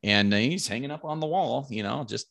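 A man casually telling a hunting story, animated and swearing freely, acting out what was said with a loud raised voice. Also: medium pitch, moderate pace, gravelly.

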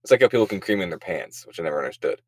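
A man's voice: low-pitched, sing-song, very fast, husky, no room sound. A young man co-hosting a podcast, laughing and joking in crude casual chat. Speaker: podcast co-host.

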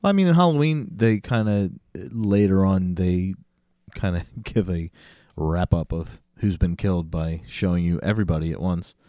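A man's voice: deep voice, normal speed, hardly any pauses, mellow, no room sound, clean studio sound. A man co-hosting a podcast in casual chat, rambling, restarting and laughing often. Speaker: podcast co-host.

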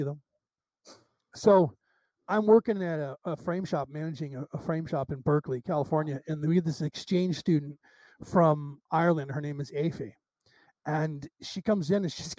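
A man being interviewed, telling rambling, animated stories full of restarts and asides. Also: on the high side, dry recording. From United States. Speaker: interview guest. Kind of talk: casual storytelling interview.

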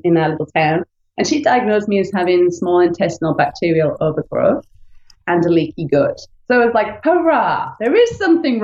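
A woman's voice: lowish voice, mellow. A British woman in her late thirties, chatting candidly as an interview guest and telling her own story. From United Kingdom. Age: late 30s. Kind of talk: casual interview chat. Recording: echoey, dull lo-fi recording.

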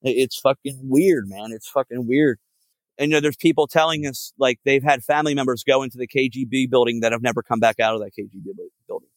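A man's voice: medium pitch, fast talker, no echo. A man guest on a podcast telling a long road story, rambling and profane with lots of fillers. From Philadelphia area. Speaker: podcast guest, band frontman. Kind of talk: casual storytelling.

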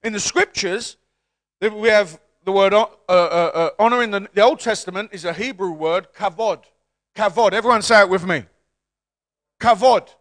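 High, bright-voiced man preaching a sermon. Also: moderate pace. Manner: call-and-response preaching, swelling to shouts. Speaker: pastor.

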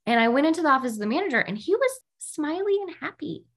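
A woman's voice: high voice, fast. A woman hosting a casual workplace podcast, telling stories and acting out what people said. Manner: animated storyteller, acts out quotes. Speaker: podcast host.

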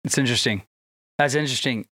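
A man's voice: medium pitch, fast talker, bright, forceful tone, slightly rough, dry recording, studio quality. Chatty male podcast host, rambling questions. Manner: friendly, rambling questions with many fillers. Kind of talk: casual podcast interview. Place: podcast studio.

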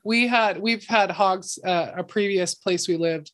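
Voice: medium pitch, unhurried, a bit bright. A podcast co-host in casual chat, giving agreeable, supportive remarks.

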